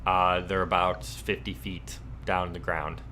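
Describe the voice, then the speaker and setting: A man narrating as game master of a tabletop game, halting and full of ums and likes. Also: low voice, flat delivery, bright, forceful tone, a little hiss or hum.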